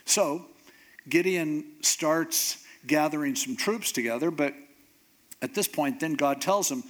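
Casual preacher, slightly high voice, chatty storyteller who acts out scenes. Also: male voice, expressive, measured pace. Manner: conversational storyteller, acts out the characters. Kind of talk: casual Bible teaching.

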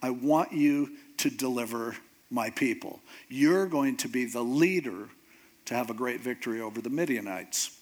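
A man doing a laid-back, low-voiced God. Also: moderate pace, lightly acted. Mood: reassuring. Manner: easygoing, humoring. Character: patient, reassuring male God, deep and low-key.

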